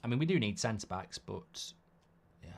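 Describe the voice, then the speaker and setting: A man's voice: on the low side, animated, normal speed, creaky, darkish tone. A middle-aged man, hosting a live football watchalong in a chatty way and reading out viewer comments. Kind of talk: casual live-stream chat.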